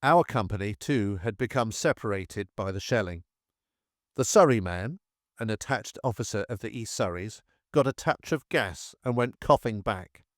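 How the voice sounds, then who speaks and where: A man's voice: fairly low pitch, lively intonation, moderate pace, no room sound. Man reading in a dry, close voice. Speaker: narrator. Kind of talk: audiobook narration of a war memoir.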